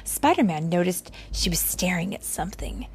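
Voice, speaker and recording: A woman reading a storybook aloud to a child, gently explaining words and story as she goes. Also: fairly low pitch, animated, normal speed, slight background noise.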